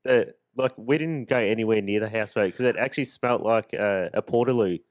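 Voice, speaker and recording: A man's voice: lowish voice, a little fast, no echo, highs cut off. A man co-hosting a podcast, telling anecdotes in a loose, laughing, chatty way in a makeshift home studio. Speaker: podcast co-host. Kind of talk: casual storytelling chat.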